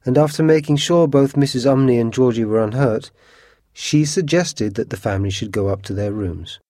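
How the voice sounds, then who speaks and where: A man narrating a storybook in a measured, expressive reading. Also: medium pitch, no echo, studio quality.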